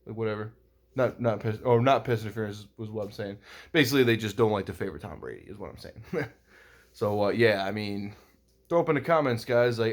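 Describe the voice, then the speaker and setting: A young man with a slightly low voice talks through a football game in a loose, rambling vlog. He swears freely and fills his sentences with "like" and "you know.". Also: animated, fairly quick. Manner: rambling, heavy swearing, lots of fillers. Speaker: sports vlogger. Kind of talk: casual football recap vlog.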